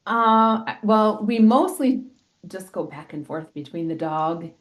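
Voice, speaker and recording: In a casual interview, a middle-aged woman who teaches health at an elementary school explains things in a lively way, using examples. Her voice is mid-range and her pace slow.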